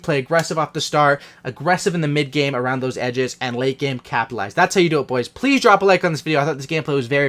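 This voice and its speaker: A man's voice: a little high, fairly bright tone. Hyped young man giving game commentary. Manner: hyped, casual gamer talk. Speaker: gaming channel host. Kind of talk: post-game commentary over gameplay.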